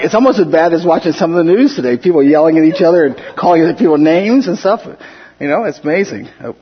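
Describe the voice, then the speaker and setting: A man's voice: on the high side, highs cut off, a little hiss or hum. A man teaching a casual Bible study, talking conversationally with frequent restarts and chuckling asides.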